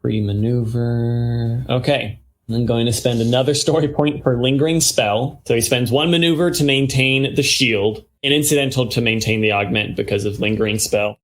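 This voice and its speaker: A man running a tabletop role-playing game as game master, mixing rules talk with measured, descriptive narration. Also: mid-range voice, fairly even intonation.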